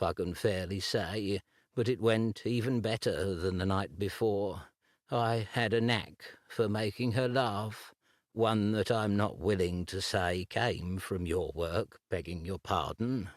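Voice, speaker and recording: A man's voice: fairly low pitch, no echo, studio quality. Male narrator doing a grieving, stammering young man in a storybook. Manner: slow, halting, stammering.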